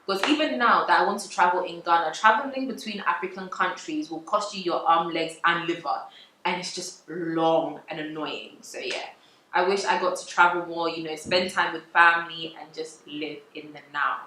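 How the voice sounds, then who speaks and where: Bright, chatty woman vlogging. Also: fairly low pitch, normal speed, roomy sound, a little hiss or hum, low-quality recording. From England. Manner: chatty, confessional, laughs often. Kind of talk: casual vlog talk to camera.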